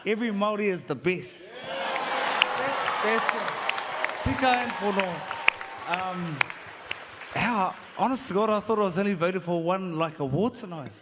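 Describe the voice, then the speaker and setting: A man's voice: high voice, unhurried, pauses often. A man with a New Zealand accent giving a rambling, playful acceptance speech, often laughing. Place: concert hall stage. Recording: large echoing hall with crowd noise.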